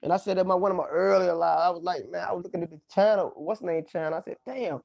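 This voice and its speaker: A man's voice: sits high, fast talker, creaky, few pauses, darkish tone, no room sound. A man hosting a livestream, rambling loosely through a profane casual monologue, exclaiming often and breaking into laughs. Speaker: livestream host.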